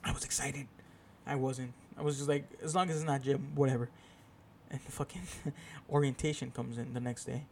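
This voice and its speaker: A man's voice: medium pitch, little pitch movement, moderate pace, creaky, a little mellow, a little hiss or hum. A young man hosting his own podcast, telling a rambling, profane, self-deprecating story in a casual solo chat. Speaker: podcast host.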